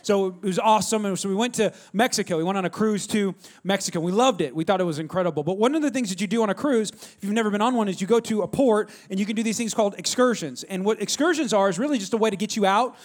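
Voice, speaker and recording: A middle-aged man preaching a sermon, telling a story in an animated way and calling out to the congregation. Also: sits high, quick pace, hardly any pauses. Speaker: pastor.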